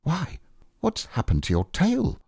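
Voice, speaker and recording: A kind, simple bear from a storybook, as a man reading aloud puts him on, talks in an earnest, lifted voice that swings up and down. The lift sits above the reader's own deep voice. The room is dry and close. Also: huge pitch swings, measured pace, dark tone, breathy edge, dry recording, full character voice.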